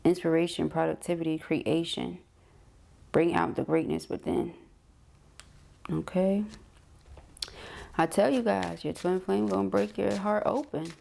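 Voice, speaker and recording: Low gravelly woman reading tarot. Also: warm tone. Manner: chatty, emphatic, repeats phrases, talks to viewers directly. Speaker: tarot reader. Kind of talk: casual spoken tarot reading.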